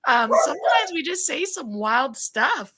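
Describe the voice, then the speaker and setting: A woman hosting a podcast interview, chatty and quick to laugh, with plenty of fillers. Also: sits high, sing-song, heavy background noise. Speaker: podcast host. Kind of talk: casual interview chat.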